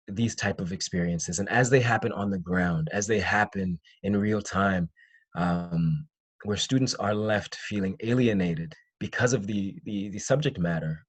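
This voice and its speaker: Young man, panel moderator, thoughtful, halting, low voice, dry sound. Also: breathy edge, dry recording. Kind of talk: panel discussion.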